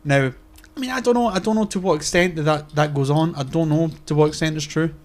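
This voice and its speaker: A man's voice: fairly high pitch, fast talker. Scottish male co-host, loose casual chat, curses a lot. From Scotland. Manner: sweary, rambling, laughs easily. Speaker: podcast co-host.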